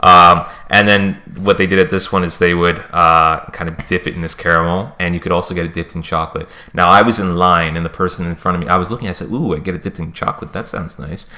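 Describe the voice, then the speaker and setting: A man's voice: low-pitched, flat delivery, fast, few pauses, sharp tone. A young man chatting casually as a podcast host, telling rambling, playful stories. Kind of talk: casual chat.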